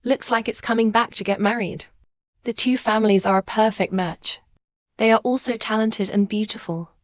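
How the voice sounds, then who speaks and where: A woman speaking dubbed drama dialogue in a plain, measured way. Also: fairly high pitch, steady tone, no room sound, clean studio sound, close to an everyday voice.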